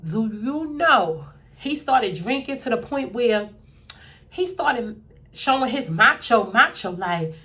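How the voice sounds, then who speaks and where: A young adult woman telling a dating story in a casual, animated way, acting out what people said in a lowered voice. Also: slow pace.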